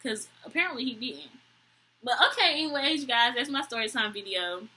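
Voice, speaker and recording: A young woman, talking straight to camera in a storytime vlog. Her voice is husky and very bright, pitched a little high. She tells it with animated exasperation, jumping up high to mimic people. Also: fairly quick, low-quality recording. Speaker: vlogger.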